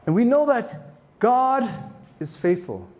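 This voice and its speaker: A man leading a faith workshop for parents, telling a story with dramatic swells and quiet hushes. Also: very high voice, sing-song, slow. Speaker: workshop speaker.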